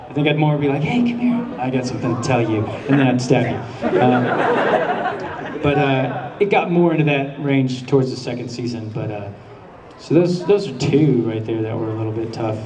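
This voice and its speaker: At a convention panel in a large hall, a man speaks as the guest voice actor, answering questions and telling stories in a laid-back way, laughing often. His voice sits at medium pitch with a moderate pace. A handheld camera far from the stage picks him up with echo, while the audience murmurs and laughs.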